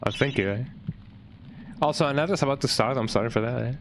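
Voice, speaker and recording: A man with a medium-pitched voice chats fast and loosely while streaming a video game, with background noise and game music. Relaxed and rambling, he keeps tacking a questioning "eh?" onto his phrases.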